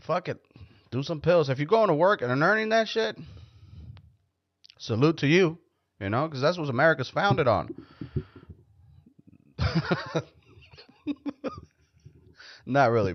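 A man's voice: mid-range voice, no room sound. Foul-mouthed male host, loose rambling monologue, dry and dull lo-fi sound. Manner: profane, blunt, joking. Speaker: podcast host.

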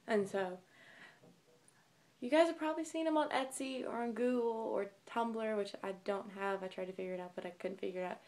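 A woman's voice: medium pitch, a little fast. A young woman chatting casually to camera as a vlogger, bubbly and gushing as she rambles.

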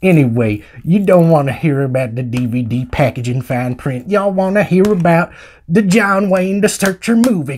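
A man's voice: high-pitched, darkish tone. A man giving a casual movie review in rambling, slangy, joking talk. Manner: rambling, slangy, jokey vernacular.

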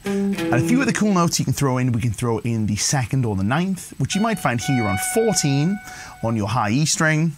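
A man hosting a guitar lesson livestream, chatty and encouraging, reading viewer comments as he plays. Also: mid-range voice. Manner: relaxed, chatty, encouraging, addresses viewers as "you guys". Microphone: livestream mic with guitar playing. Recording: guitar music faintly behind.

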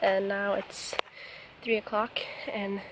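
A woman's voice: mid-range voice, flat delivery, slow pace, noisy background. A young woman in her twenties chatting enthusiastically to a handheld camera outdoors, laughing often. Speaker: student vlogger. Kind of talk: casual vlog chat. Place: outdoors in the countryside.

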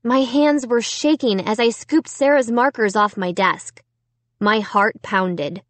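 A woman narrating a children's book in an unhurried, expressive first-person telling. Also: a little high, no echo. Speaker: audiobook narrator. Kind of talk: storybook narration.

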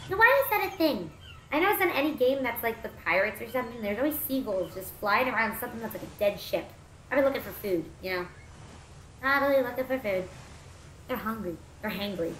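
Bright, lively VTuber woman chatting while gaming. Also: a little high, quick pace, reverberant, slight background noise. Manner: chatty, goofy, swears and jokes to herself. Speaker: VTuber streamer. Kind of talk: gameplay commentary.

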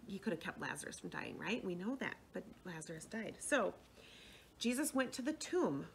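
A young woman who leads children's faith classes, gently telling a Bible story to children and often checking in with them. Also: fairly low pitch, gravelly, a little hiss or hum. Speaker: children's faith formation director.

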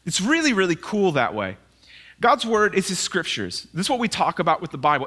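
A male pastor giving a conversational sermon in a church, animated and telling personal stories with asides. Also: sits high, fairly quick. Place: church sanctuary, live sermon.

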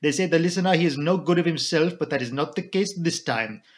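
A man's voice: a little high, quick pace, voice pushed up, natural voice. A man voicing a fussy older male Belgian detective, formal and elaborately polite. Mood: theatrical polite.

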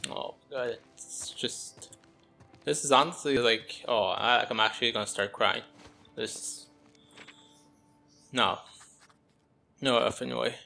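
A man's voice: medium pitch, vocal fry, bright, forceful tone. A young man doing gameplay commentary, groaning and muttering his exasperated reactions. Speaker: gameplay streamer.

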